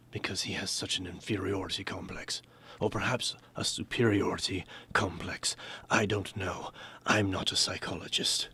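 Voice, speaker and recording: Rambling male streamer, low voice. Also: fairly even intonation, measured pace, sharp tone, husky. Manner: rambling, self-interrupting, drops to a whisper at times. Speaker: streamer and voice actor. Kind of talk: casual livestream chat.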